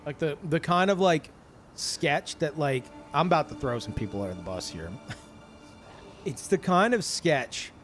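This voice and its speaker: A man streaming live in casual chat, ranting in an animated and profane way. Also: fairly high pitch.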